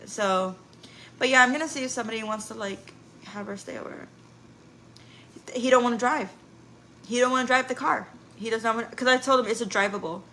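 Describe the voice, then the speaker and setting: Chatty mom on a live stream. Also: female voice, on the high side, a little fast, long pauses, sharp tone, poor audio. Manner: chatty and candid, swears casually, laughs often. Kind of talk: casual live-stream chat. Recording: noticeable background noise.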